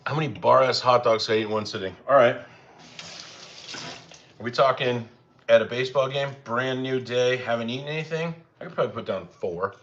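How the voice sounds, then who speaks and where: A young man hosts a casual cooking livestream, rambling easily and chatting with viewers, and he uses a higher voice when talking to his dogs. He speaks at normal speed with a slightly bright tone. The lo-fi audio is slightly dull, with slight background noise.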